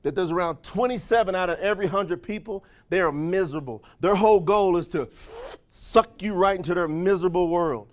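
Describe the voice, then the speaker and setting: Man, high-pitched motivational trainer working a room, folksy, quizzes the crowd constantly. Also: a little fast. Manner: energetic, call-and-response questions to the crowd; folksy, slangy phrasing with frequent laughs. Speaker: motivational trainer for a sales company. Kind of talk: motivational speech to a live audience.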